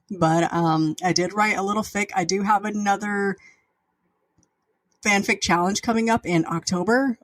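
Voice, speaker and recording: A woman's voice: fairly low pitch, no room sound. A woman podcast host and author, talking in a rambling, casual way with many fillers and restarts.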